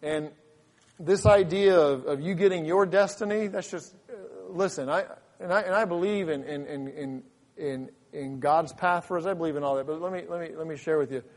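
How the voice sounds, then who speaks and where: A man's voice: on the high side, normal speed. A man preaching a sermon as pastor in a church, fervent and full of repeated restarts. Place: church sanctuary. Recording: long hall reverb.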